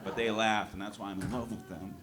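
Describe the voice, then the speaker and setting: A man doing a stand-up set, telling deadpan one-liners and now and then breaking into loud outbursts at the audience. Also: fairly low pitch, a little fast. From New Hampshire. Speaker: stand-up comedian. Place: comedy club stage. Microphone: handheld stage mic. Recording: live club recording with crowd noise. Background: audience laughter.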